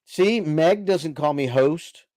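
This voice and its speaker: During a casual late-night livestream, the middle-aged host talks in a chatty, easygoing way, reading viewer comments into a desk microphone. He speaks a little slowly, his medium-pitched voice slightly mellow, recorded in studio quality without echo.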